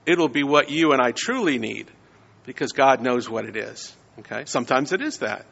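A man's voice: mid-range voice, animated, moderate pace, gravelly, fairly bright tone, big-room sound, highs cut off. A man giving a conversational sermon, often checking in with his listeners. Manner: conversational, frequent "right?" tags. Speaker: preacher.

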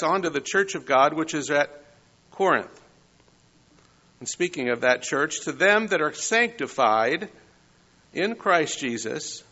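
A man's voice: on the high side, bright, forceful tone. A man preaching a morning sermon as pastor, reading scripture and building to emphatic points. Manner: measured preaching, rising emphasis on key words. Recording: lo-fi, dull sound.

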